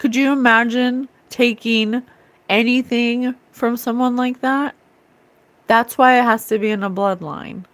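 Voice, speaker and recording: Lady host going off in a casual psychic rant, mocks people in silly voices, kinda high pitched. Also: measured pace, no room sound. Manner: animated, scornful, mocks others in sing-song voices.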